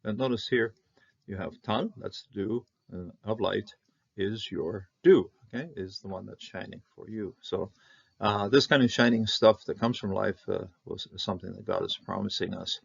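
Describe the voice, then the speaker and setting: A man who grew up in Canada, teaching Hebrew Bible words in an informal lesson, halting with many fillers and sounding out the Hebrew slowly. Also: on the low side, vocal fry, slightly rough, lo-fi sound.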